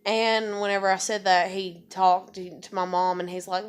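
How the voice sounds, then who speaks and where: A woman at home telling a personal story in a rambling, casual way, swearing often and filling pauses with "like" and "you know". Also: medium pitch, flat delivery, smooth. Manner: rambling, profane, full of fillers. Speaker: vlogger. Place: home with a kitten nearby.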